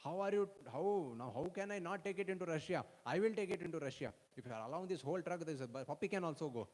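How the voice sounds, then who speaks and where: A man's voice: a little high, expressive, quick pace, darkish tone, in a large hall, pitched above the performer's own voice, natural voice. A man putting on a pleading young American man. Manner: emphatic, indignant pleading. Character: pleading young American man begging to keep his puppy.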